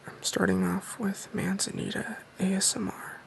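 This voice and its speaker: A man telling a mock-serious story in a soft-spoken, deadpan ASMR style. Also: high-pitched, moderate pace, vocal fry, low-quality recording. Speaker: ASMR creator.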